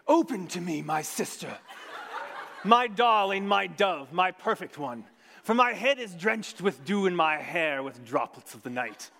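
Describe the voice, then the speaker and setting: A male preacher voicing an ardent young lover calling at a door, loud and fervent. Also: high voice, expressive, unhurried, gravelly, exaggerated voice. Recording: long reverb of a large hall.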